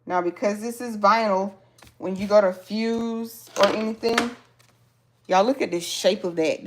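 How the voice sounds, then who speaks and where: Hosting a relaxed live sewing tutorial, a woman chats with her viewers while cutting vinyl pieces, covering features and often exclaiming excitedly. Her voice sits in the mid range at a moderate pace.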